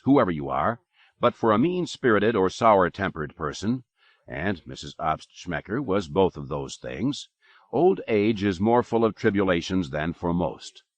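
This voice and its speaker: Deep-voiced man reading an audiobook. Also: sing-song, a little slow, no echo. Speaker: audiobook narrator. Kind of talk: audiobook narration. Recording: dull lo-fi cassette recording.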